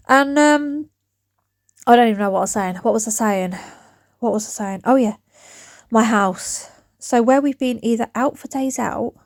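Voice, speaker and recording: Filming on her phone camera in the back garden, a roughly forty-year-old DIY vlogger chats and rambles to camera while her throat gets dry. Her voice is a little high, and the recording is dry.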